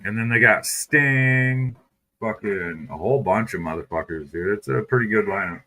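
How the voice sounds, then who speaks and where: A man's voice: on the low side, expressive, moderate pace, sharp tone, slight background noise. A man co-hosting a casual podcast, asking easygoing questions and rambling with casual cursing. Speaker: podcast co-host. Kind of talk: casual chat.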